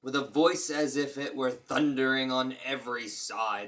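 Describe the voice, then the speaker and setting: A man's voice: medium pitch, moderate pace, hardly any pauses, fairly bright tone. A man reading a fairy tale aloud at a casual pace and breaking off for crude, joking asides. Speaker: reader.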